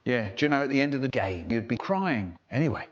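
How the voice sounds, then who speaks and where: A man doing a parody of a children's poetry reading, telling a story in an animated, comic way, played from a clip. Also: medium pitch, quick pace, highs cut off, a crowd in the background.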